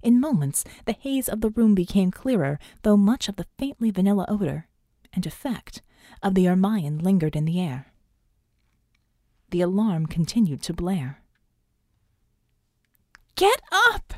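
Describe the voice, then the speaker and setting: A woman's voice: mid-range voice, lively intonation, moderate pace, warm tone, no room sound, clean studio sound. A woman narrating an audiobook in a tense, dramatic reading. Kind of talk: scripted narration.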